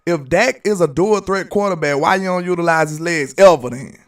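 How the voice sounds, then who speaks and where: Recorded from a distance, a brisk, fairly high-pitched man with a Southern accent hosts live sports talk. The Alabama native is argumentative and emphatic, hammering his points through repetition.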